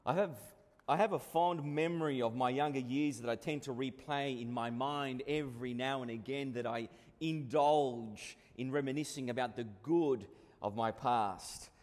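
A man's voice: medium pitch, moderate pace, a little mellow. A man in his forties with an Australian accent, preaching a sermon in a conversational, storytelling way. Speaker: pastor. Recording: long reverb of a hall.

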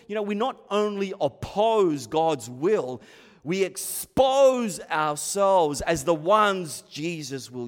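Male pastor, dramatic sermon, lively rising and falling pitch, slow deliberate delivery, hall echo. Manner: dramatic preaching, swinging from hushed to shouting.

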